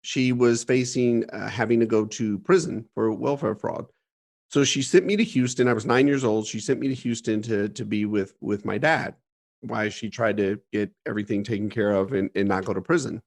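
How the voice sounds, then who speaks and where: A man's voice: on the low side, normal speed, vocal fry, a little mellow. A man telling a painful childhood story as a podcast guest, earnest and emphatic, laughing through hard memories. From Ohio, USA. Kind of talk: candid storytelling interview.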